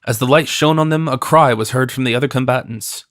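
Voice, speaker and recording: A man narrating an audiobook in a steady, even reading. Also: medium pitch, a little fast, few pauses, no room sound, studio quality. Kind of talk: scripted narration.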